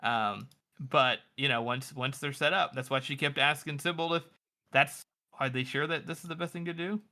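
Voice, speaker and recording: Man, podcast co-host, very bright voice, reflective, thinks aloud. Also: mid-range voice, steady tone, moderate pace. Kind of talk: casual book discussion.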